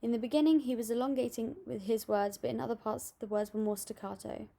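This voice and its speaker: A young woman reading out a school assignment on voice techniques, steady and a little halting, with small restarts. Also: a little high, creaky. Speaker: student presenting an assignment. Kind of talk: read-aloud school presentation.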